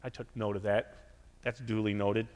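A man voicing Jesus in a low, quiet, measured and solemn tone. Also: flat delivery, lightly acted. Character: Jesus, calm grave male speaker. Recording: reverberant church hall.

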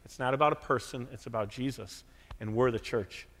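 A man preaching a sermon from a church sanctuary, animated and lively, acting out the quotes he tells. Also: fairly quick. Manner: animated, acts out quotes with big pitch jumps. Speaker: pastor. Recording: reverberant church hall.

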